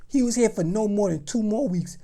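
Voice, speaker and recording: A young adult woman telling a storytime vlog in an animated, slangy, dramatic way. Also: medium pitch, brisk. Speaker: vlogger.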